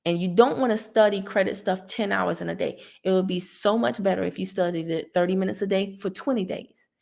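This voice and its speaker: A woman's voice: medium pitch, fairly quick, creaky, darkish tone. A woman with a Southern American accent, a credit tips host talking casually and preachily as she answers a viewer, laughing as she goes. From Southern United States.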